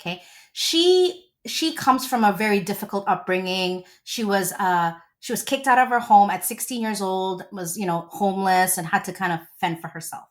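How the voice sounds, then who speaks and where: A woman in her forties, a relationship coach, talking as an interview guest in a gushing, animated storytelling way. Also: mid-range voice, normal speed.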